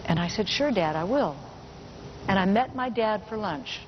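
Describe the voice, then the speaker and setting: A woman's voice: medium pitch, lively intonation. Middle-aged woman telling a personal story. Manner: personal storytelling, slows down for emphasis. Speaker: motivational speaker. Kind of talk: motivational keynote speech. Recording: muffled recording with faint hiss.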